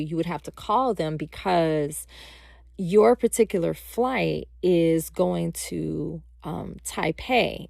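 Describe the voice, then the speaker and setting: A woman's voice: on the low side, vocal fry, a little mellow, no echo, clean studio sound, full character voice. A woman voicing a polite airline manager who formally explains a problem while retelling a story.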